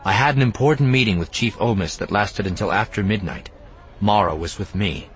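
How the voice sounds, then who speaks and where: A man voicing a calm, measured male Jedi hero in a quiet, low voice. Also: natural voice.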